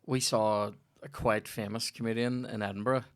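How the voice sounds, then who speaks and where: A man's voice: fairly low pitch, fairly even intonation, normal speed, clear, resonant tone. Sweary man telling stories. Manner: sweary, rambling storytelling. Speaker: comedian. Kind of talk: casual podcast chat.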